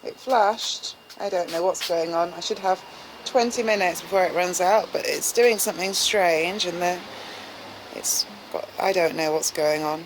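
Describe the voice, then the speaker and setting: Filming herself on a handheld camera in her winter garden, a vlogger chats casually to the lens and coos at her cat in a sing-song voice. Her voice is fairly low and measured, and there's background noise.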